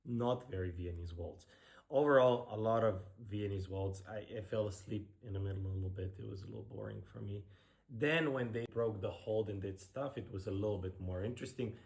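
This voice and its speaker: A man's voice: fairly low pitch, brisk, vocal fry, a little mellow. Blunt, sarcastic man reacting to dancing. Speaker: professional ballroom dancer reacting to a show. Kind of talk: casual reaction commentary.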